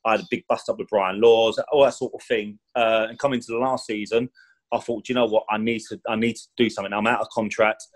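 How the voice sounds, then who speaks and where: A man's voice: lowish voice, fairly even intonation, fast talker, rough recording. A former professional footballer as a podcast guest, telling his career stories in a chatty, rambling way. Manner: rambling, chatty, fond of "do you know what I mean"; acts out quoted speech with raised voice. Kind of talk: casual storytelling interview.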